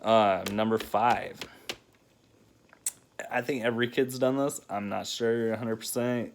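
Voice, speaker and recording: Laughing gravelly-voiced dad vlogger. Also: male voice, medium pitch, steady tone, measured pace. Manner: laughs often while telling stories, loose and rambling. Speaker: single father vlogger. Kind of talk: casual chatty countdown vlog.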